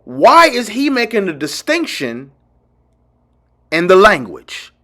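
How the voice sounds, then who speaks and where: Guy teaching a video lesson, pitch swings all over, pushy and emphatic, repeats himself for effect. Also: wildly swooping pitch, takes it slowly. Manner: emphatic and insistent, repeating key phrases; addresses viewers directly as ladies and gentlemen. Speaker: teacher and channel host. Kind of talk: lecture-style video lesson.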